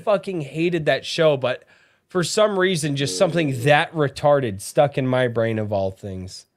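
A man's voice: medium pitch, measured pace. A man hosting a casual live-streamed podcast, rambling and swearing as he chats with his co-hosts. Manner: rambling, profane, lively. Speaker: podcast host.

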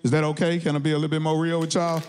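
A man from Texas doing a stand-up comedy set on stage, telling stories with animated shouted punchlines. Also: on the high side, very fast, background noise. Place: studio stage with a live audience.

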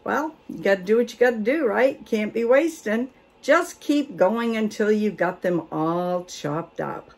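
A woman's voice: mid-range voice, a little slow, gravelly, a little mellow. An older woman, chatting casually and reading a cookbook aloud with folksy asides. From Maine. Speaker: homestead vlogger.

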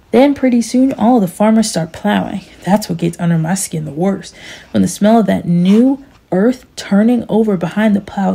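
A woman's voice: mid-range voice, creaky, dark tone, slightly rough. A woman voicing an aging, self-pitying male farmer who pleads and complains in a storybook reading.

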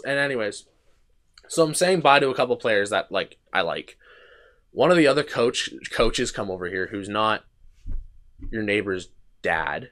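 A man's voice: fairly low pitch, expressive, moderate pace, pauses often, a bit bright. Young man rambling through a story. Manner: rambling anecdotes with frequent restarts and swearing. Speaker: podcast host. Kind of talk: casual storytelling chat.

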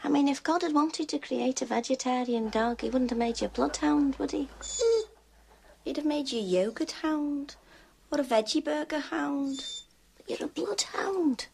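A wry housewife. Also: female voice, sits high, moderate pace, gravelly, darkish tone. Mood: coaxing. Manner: dry, sardonic, chatty. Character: wry, bored middle-aged Liverpool housewife. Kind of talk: film monologue to camera.

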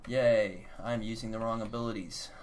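A man's voice: on the low side, fairly even intonation, moderate pace, a little hiss or hum. A man hosting a gameplay video, chatting casually in a rambling, self-mocking way while he plays at his computer. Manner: rambling, self-mocking, breaks into silly voices. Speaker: gaming channel host.

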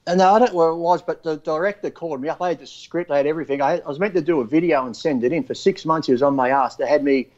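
A man's voice: on the high side, rapid-fire, hardly any pauses, a little mellow, dull audio. A man with an Australian accent, co-hosting a casual chat, swearing freely and acting out comic voices in his stories. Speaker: co-host.

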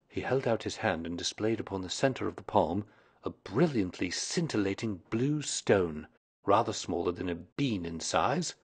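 A male storyteller reading a classic detective story aloud in a measured, expressive way. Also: on the low side, husky.

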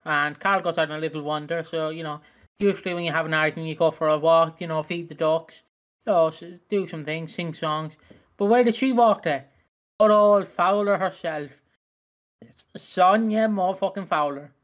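Slightly high-voiced man joking. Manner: joking, sweary, quick to laugh. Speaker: podcast co-host. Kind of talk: casual chat recapping a soap.

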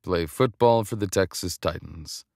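A man's voice: sits low, unhurried, creaky, a little mellow, no room sound, clean studio sound. A man voicing a blunt, honorable former soldier in his late twenties who speaks tersely. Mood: steady.

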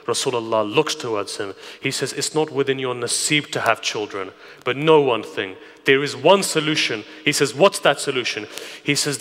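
Bright-voiced preacher in a reverberant hall. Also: male voice, medium pitch. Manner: storytelling, swings from hushed near-whisper to raised emphatic. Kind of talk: Muharram night sermon. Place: community centre hall.

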